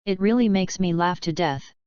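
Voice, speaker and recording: Hoarse male villain for a storybook read, sneering and gloating, woman narrator voicing, dull lo-fi sound. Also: fairly low pitch, normal speed, a little mellow, dry recording, natural voice. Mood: taunting. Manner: taunting, gloating. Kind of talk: audiobook reading.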